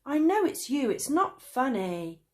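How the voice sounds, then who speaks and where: Woman playing a whiny traveller boy, high, sulky, slow. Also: sing-song, darkish tone.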